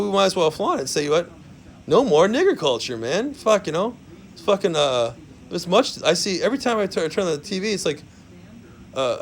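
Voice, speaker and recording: A man's voice: fairly high pitch, slight background noise. A man ranting into the camera, rambling and profane, forever tacking "man" and "right" onto his sentences. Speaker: vlogger. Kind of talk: profane rant.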